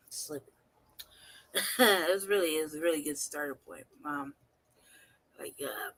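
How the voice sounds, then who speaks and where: Bright-voiced host who laughs constantly. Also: medium pitch, takes it slowly, a little hiss or hum. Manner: laughing often, profane, casual and rambling. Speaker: channel host. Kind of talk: reaction commentary.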